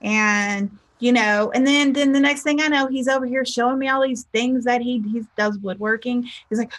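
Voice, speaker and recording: Her voice is a little high, with a moderate pace and few pauses. She's a life coach and spiritual teacher speaking casually to motivate, chatting freely and performing the people she quotes in lively voices.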